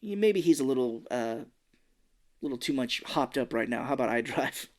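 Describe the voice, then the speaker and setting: A man's voice: mid-range voice, expressive, normal speed. A young man co-hosting a podcast, casually recapping a movie scene by scene and acting out the characters in silly voices. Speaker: podcast co-host.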